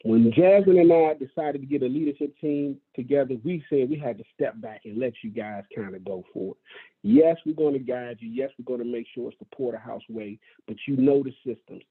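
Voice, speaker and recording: Speaking at medium pitch with a brisk, husky delivery, a man who leads a real estate brokerage gives his agents a folksy, enthusiastic motivational speech. He often repeats himself for emphasis, and the recording sounds tinny, like a phone.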